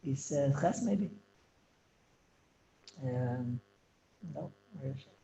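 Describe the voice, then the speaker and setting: A man teaching a Torah class, talking quickly with many restarts and mixing English with Hebrew and Yiddish terms. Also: mid-range voice, lively intonation, gravelly, mellow, slight background noise, low-quality recording. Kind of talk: Torah lecture to students.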